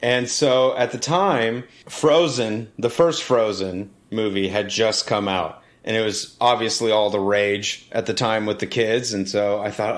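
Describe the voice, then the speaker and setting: A man co-hosting a podcast, telling a story in a relaxed, self-mocking, chatty way. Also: lowish voice, a little slow, few pauses. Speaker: podcast co-host, opera singer. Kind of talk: casual storytelling chat.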